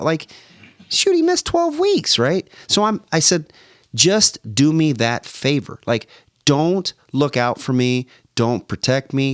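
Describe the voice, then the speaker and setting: A man speaking at an everyday pitch, telling a story as a podcast guest and acting out both voices of a phone call. He uses lots of "like"s and restarts, and the sound is dry and close to the mic. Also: dry recording. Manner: tells stories by acting out both sides of phone calls, many "like"s and restarts. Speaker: podcast guest, former football player. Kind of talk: animated storytelling in conversation.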